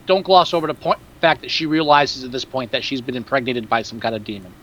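A man's voice: medium pitch, fast, a bit bright, muffled recording, a little hiss or hum. A man in casual film chat, blunt and sarcastic, with frequent swearing.

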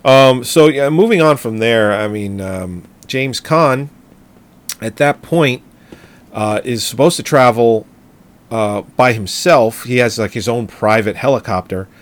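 A man's voice: mid-range voice, measured pace. A man co-hosting a casual film podcast, recapping plot in a rambling, hesitant way with many fillers. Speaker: podcast co-host.

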